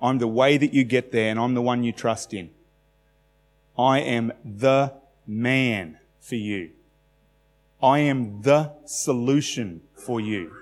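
Calm, firm Jesus , as an Australian preacher puts him on, spoken plainly in a sermon with a long hall echo. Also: male voice, medium pitch, lightly acted. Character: calm, assured Jesus speaking.

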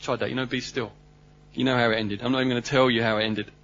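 A man preaching a sermon, animated and humorous, swinging between loud bursts and hushed asides. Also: medium pitch, rapid-fire, highs cut off.

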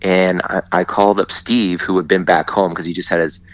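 A man telling a story in casual chat, animated and often laughing as he acts out what others said. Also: deep voice, fairly quick. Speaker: guest. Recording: dull lo-fi sound.

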